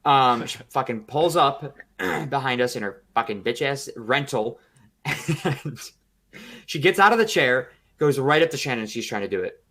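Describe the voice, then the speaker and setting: A man co-hosting a podcast, telling a story in a casual, profane, animated way with acted-out quotes. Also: mid-range voice, a little slow. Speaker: podcast co-host.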